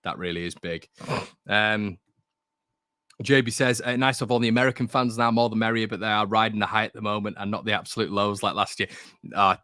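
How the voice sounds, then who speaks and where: A man's voice: on the low side, steady tone, a little fast, bright, forceful tone, dry recording. Chatty man hosting a fan stream. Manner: chatty, reads out viewer comments, opinionated. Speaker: fan channel host. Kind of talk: casual live-stream chat.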